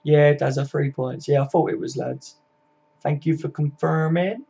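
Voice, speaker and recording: A man's voice: fairly high pitch, steady tone, normal speed, gravelly, mellow, slightly rough, lo-fi sound. A man hosting a casual live football chat, reading and answering viewer comments by name, swearing freely and laughing often. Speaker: livestream host.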